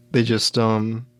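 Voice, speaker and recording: A man's voice: fairly low pitch, pushed and bright, clear, resonant tone, no echo. Rambling young man telling a story. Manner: rambling, self-deprecating, frequent fillers and restarts. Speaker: podcast host. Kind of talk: casual storytelling monologue.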